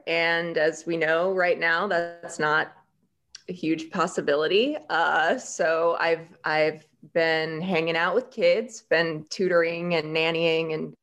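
A woman co-hosting a podcast in casual chat, telling stories in an animated way with many "like" fillers. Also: fairly low pitch. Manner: animated, storytelling, frequent "like" fillers. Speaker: podcast writer and co-host.

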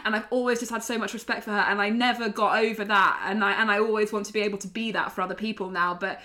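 Bright-voiced laughing woman podcast co-host. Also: mid-range voice, fast talker. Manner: animated, laughs often, swears casually. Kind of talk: casual chat.

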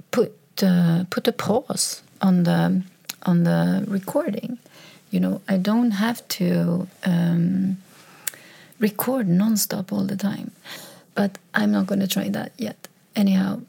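A woman's voice: mid-range voice, creaky, husky. A woman talking on her own as a podcaster, telling a personal story in a hesitant way, with restarts, and often dropping to a whisper. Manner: hesitant, with restarts and trailing phrases; drops into soft whispers when quoting texts. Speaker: solo podcaster. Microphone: recording on a microphone.

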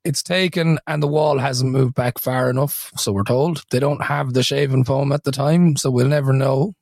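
In clean studio sound with no echo, a man co-hosts a podcast, chatting casually and laughing as he tells his story. His mid-range voice is darkish, fairly even in intonation and moderately paced.

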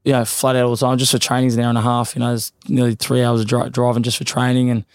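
Fast-talking boxer, casual. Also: male voice, medium pitch, completely flat delivery. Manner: rapid, loose, repeats fillers. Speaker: professional boxer, guest. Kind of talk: casual interview chat.

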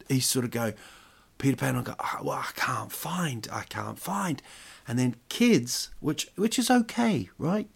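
A man's voice: mid-range voice, gravelly. A man hosting a podcast, telling jokey stories in a rambling, casual monologue full of restarts. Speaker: podcast host.

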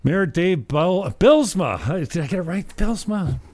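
Stammering earnest man, dark voice. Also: on the high side, animated, unhurried, no echo. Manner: stammering, repeats words, earnest. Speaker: podcast host. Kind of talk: casual chat.

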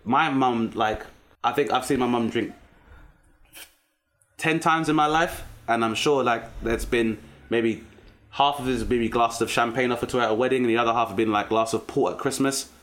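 A man in his thirties with a London accent, a comedian telling animated stories in a casual interview. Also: mid-range voice, normal speed. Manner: animated storyteller, acts out strict relatives. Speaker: comedian guest.

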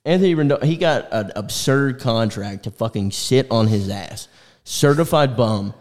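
A man's voice: medium pitch, animated, moderate pace. A young man co-hosting a sports podcast, talking bluntly and swearing freely in casual chat. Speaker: podcast co-host.

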